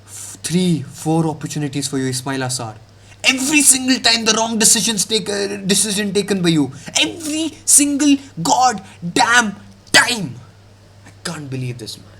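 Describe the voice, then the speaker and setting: A young man with a slightly high voice rants about football matches. He is heated and mocking, with a lot of slang, and he talks straight at the players. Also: very animated, fairly quick, a bit bright. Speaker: football reaction streamer. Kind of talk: ranting football reaction.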